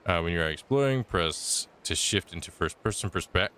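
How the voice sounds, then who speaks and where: A man's voice: low voice, lively intonation, moderate pace, sharp tone, clear, resonant tone. A man streaming a game, chatting casually with lots of fillers and restarts. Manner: rambling, filler-heavy chat. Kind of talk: casual gaming commentary.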